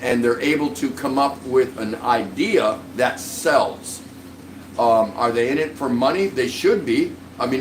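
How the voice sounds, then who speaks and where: A man's voice: medium pitch, roomy sound, far from the mic, a little hiss or hum, rough recording. A man hosting a casual live-stream vlog, rambling in a friendly way and greeting viewers by name. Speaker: livestream vlog host.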